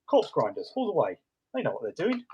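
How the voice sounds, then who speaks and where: A chatty man with a slightly raised pitch, rambling through casual banter. He jokes, doubles back and restarts his sentences as he talks while painting models. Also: wildly swooping pitch, brisk, darkish tone, breathy edge, highs cut off. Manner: rambling, jokey, many restarts and asides. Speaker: hobby stream host.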